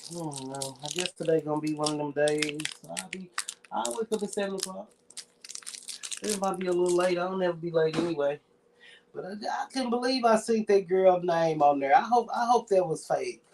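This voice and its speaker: A man's voice: sits high, normal speed, gravelly, noisy background. A man with a Southern US accent, talking in a rambling, profane, reflective casual monologue as a streamer.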